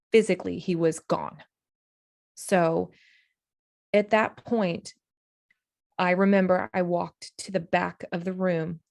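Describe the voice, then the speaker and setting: A woman's voice: on the low side, vocal fry, a little mellow, no room sound, studio quality. A woman on a podcast, telling a painful personal story in an earnest, emotional way, with many restarts. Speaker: podcast guest.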